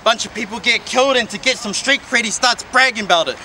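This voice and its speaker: A man's voice: very high-pitched, fast talker, a crowd in the background. A young man spitting an aggressive, mocking battle rap verse outdoors by a skate park. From New Zealand. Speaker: battle rapper.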